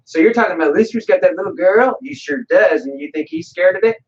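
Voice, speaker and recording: Animated man telling myths. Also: high voice, fast talker, highs cut off. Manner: animated, acts out quotes in voices. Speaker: guest. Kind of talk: livestream talk, storytelling.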